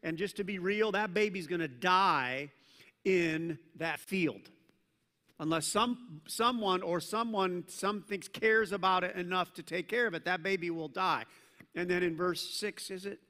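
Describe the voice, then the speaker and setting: A man preaching a sermon to a congregation, talking conversationally and joking with the room, swinging between loud emphasis and hushed intensity. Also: high-pitched, unhurried. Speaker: pastor. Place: church service with a congregation. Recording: long church reverb.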